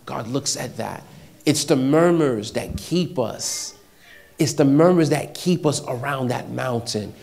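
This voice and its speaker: A man preaching a sermon, repeating short phrases and swinging between loud exhortation and hushed, near-whispered passages. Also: mid-range voice, a little slow, creaky.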